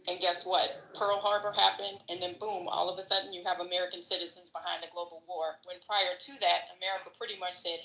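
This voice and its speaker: A woman's voice: fairly low pitch, little pitch movement, a little fast, pushed and bright, roomy sound, slight background noise, rough recording. A woman co-hosting a podcast, giving opinionated, salty, rambling political commentary. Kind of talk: casual political discussion.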